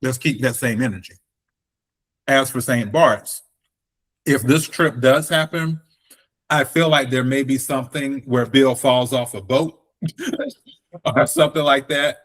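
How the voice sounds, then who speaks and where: A man's voice: medium pitch, a little slow, fairly bright tone. A man with a Northern US accent hosting a podcast, blunt and emphatic in casual recap chat. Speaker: podcast host.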